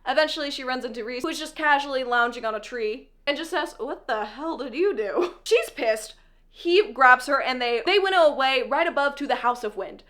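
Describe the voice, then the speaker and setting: A woman's voice: high-pitched, brisk, bright, forceful tone. Chatty woman with sarcastic asides. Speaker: book vlogger. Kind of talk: unscripted book recap.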